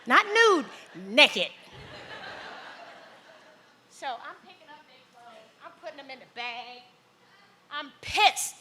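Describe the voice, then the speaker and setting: A middle-aged woman telling a personal story on stage in a large hall, acting out the voices with big jumps in pitch. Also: measured pace, bright, forceful tone. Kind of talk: live storytelling performance.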